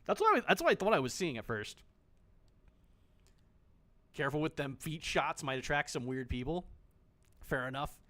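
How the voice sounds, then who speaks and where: Animated joking male game streamer. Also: a little high, normal speed, pauses often. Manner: joking, swears freely, talks to game characters. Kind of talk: casual gameplay commentary.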